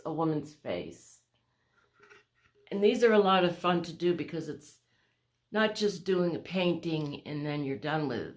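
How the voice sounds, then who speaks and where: A woman casually showing her paintings in a home vlog, rambling, searching for words and correcting herself as she walks along a wall. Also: sits low. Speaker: vlogger showing her artwork. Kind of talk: casual show-and-tell vlog.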